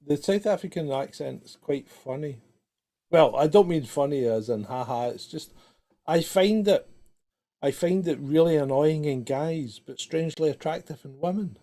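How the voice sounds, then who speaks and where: A man's voice: fairly high pitch, moderate pace, mellow. A man co-hosting a podcast, blunt, sweary and teasing, laughing often. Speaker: podcast co-host. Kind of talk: casual chat.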